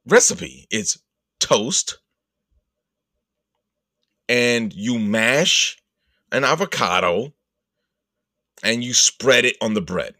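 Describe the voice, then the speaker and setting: A man hosting a podcast, telling a rambling, profane comic story and putting on quick voices for the people in it. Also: mid-range voice, bright, forceful tone, no echo, studio quality. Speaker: podcast host. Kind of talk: casual comedic storytelling.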